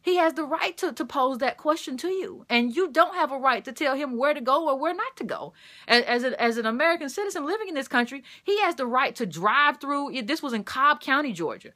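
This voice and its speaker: A woman's voice: high-pitched, animated, brisk, sharp tone. A woman giving impassioned opinion commentary, repeating phrases for emphasis.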